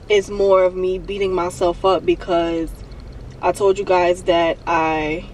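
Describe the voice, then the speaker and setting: A young woman on the edge of tears talks into her phone from a parked car, halting and repeating herself as she vents. Her voice sits a little back from the mic, with a faint hum of road and cabin noise underneath. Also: on the low side, far from the mic, rough recording. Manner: raw, halting, repeats herself while venting. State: emotional, near tears. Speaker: vlogger. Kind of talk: emotional confessional vlog.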